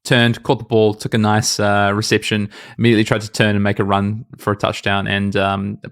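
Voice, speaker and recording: Fast, low-voiced man, late twenties, podcast co-host, chatty and self-mocking. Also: monotone, a bit bright, clear, resonant tone. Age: late 20s. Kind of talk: casual podcast chat.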